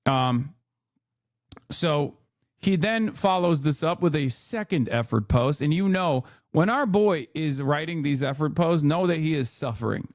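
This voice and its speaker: A man's voice: a little high, lively intonation, measured pace, no echo, clean studio sound. A young man hosting a live political stream, reading out posts and mocking them with a sarcastic, scornful manner. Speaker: political livestream host.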